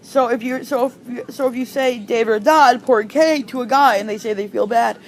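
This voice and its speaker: A woman giving an informal online language lesson, hesitant with frequent ums and restarts, slowing down to pronounce example phrases. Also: a little high, fairly even intonation, slight background noise. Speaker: language tutor.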